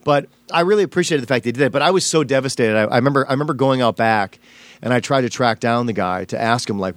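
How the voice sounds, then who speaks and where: A man's voice: mid-range voice, fast, no echo. A man, a stand-up comedian, telling a personal story in a casual interview, rambling with many fillers and restarts.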